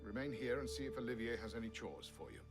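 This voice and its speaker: A man's voice: mid-range voice, sing-song, fast, vocal fry, over music. An actor playing a formal, stern guardian in a game who scolds his young ward. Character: stern male guardian, firm and proper.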